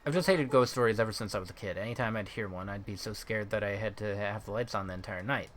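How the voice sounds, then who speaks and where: A man's voice: lowish voice, quick pace, fairly bright tone, close to an everyday voice. A man voicing a young woman who works as a shy country bar hostess, reading her subtitles in his own plain voice. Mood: nervous.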